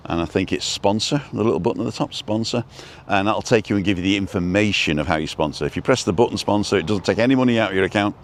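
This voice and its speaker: A man's voice: lowish voice, fast, few pauses, slight background noise. A man hosting a casual outdoor live stream, rambling and reading out viewer comments as he goes.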